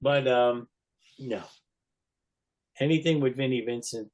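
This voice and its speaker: A man's voice: medium pitch, unhurried, a little mellow. Chatty man spinning a rambling story. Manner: rambling, lots of "you know" fillers, laughs mid-story. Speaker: guest, longtime fan. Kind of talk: casual anecdotal storytelling.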